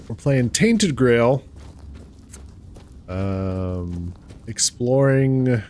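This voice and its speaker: A man's voice: mid-range voice, big pitch swings, a little slow, pauses often, a little mellow. A man hosting a let's play, chatting casually with viewers and laughing often. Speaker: gaming channel host.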